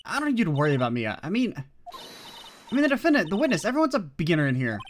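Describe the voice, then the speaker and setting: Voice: mid-range voice, wildly swooping pitch, fast talker, slight background noise, pitched above the performer's own voice. A let's player voicing a young, flustered female rookie defense attorney.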